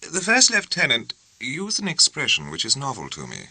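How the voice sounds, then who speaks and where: A man playing a prim young officer, courteous and precise, bright tone, dry close sound. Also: mid-range voice, wildly swooping pitch, moderate pace, slightly rough, dry recording, pitched above the performer's own voice, full character voice, rough recording. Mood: formal puzzled. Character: grave, formal, very proper young male officer.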